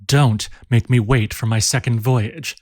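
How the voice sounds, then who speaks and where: A man's voice: medium pitch, fairly even intonation, a little slow, darkish tone, no room sound, studio quality, natural voice. A man voicing a determined young seafaring suitor in a storybook reading. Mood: pleading. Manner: pleading, earnest. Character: ardent young male sea captain, determined.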